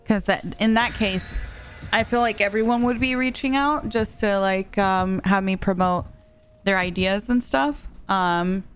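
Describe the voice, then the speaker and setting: A young woman from a Spanish-speaking background streams a game, chatting casually with viewers, teasing them and laughing often. Her voice is mid-range and unhurried, with soft music playing behind her.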